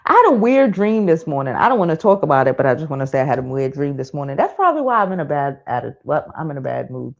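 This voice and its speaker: A woman's voice: low voice, animated, fast talker, gravelly, few pauses. A woman in her thirties hosting a live stream, venting bluntly in casual, profane talk. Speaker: livestream host. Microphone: streaming mic. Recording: dull lo-fi stream audio.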